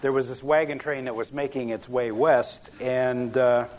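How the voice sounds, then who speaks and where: A man's voice: mid-range voice, fairly even intonation, moderate pace, darkish tone, rough recording. A man telling jokes as a pastor at the start of a sermon, in a folksy, rambling way, chuckling at his own stories.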